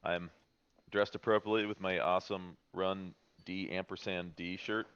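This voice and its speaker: A man narrating as dungeon master of a tabletop game on a live stream, halting and full of uh and um fillers. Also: low-pitched, level tone, fairly bright tone, clear, resonant tone, highs cut off.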